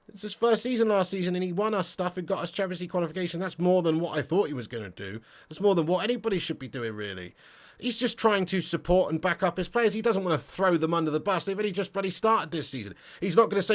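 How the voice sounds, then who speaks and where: A man's voice: high voice, fast talker. A man hosting a live football fan stream, reading chat comments and ranting bluntly with plenty of swearing. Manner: swearing, blunt, excitable rants. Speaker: football fan channel host.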